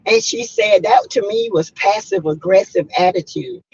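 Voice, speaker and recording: A woman's voice: medium pitch, wildly swooping pitch, normal speed, gravelly, darkish tone, lo-fi sound, a little hiss or hum. A middle-aged woman, hosting a casual livestream, greeting viewers by name and giving frank opinions. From South Carolina, US. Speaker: host of a reality-TV review livestream. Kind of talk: casual live-stream commentary.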